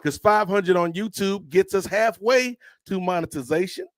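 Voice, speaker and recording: Animated storytelling man, dry close sound. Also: sits high, moderate pace, dry recording. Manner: animated storyteller acting out dialogue. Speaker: podcast co-host. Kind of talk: casual storytelling chat.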